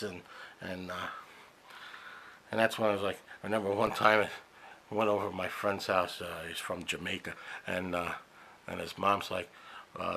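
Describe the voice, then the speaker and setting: A man's voice: low voice, flat delivery, normal speed, creaky, long pauses, sharp tone, breathy edge. A middle-aged man, rambling through a casual podcast monologue full of fillers and asides. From New York area. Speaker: podcast host.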